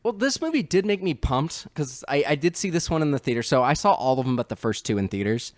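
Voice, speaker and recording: Animated young man, dry close mic. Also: fairly high pitch, quick pace, no echo. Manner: animated, swears, acts out movie lines. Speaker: podcast co-host. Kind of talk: casual film discussion.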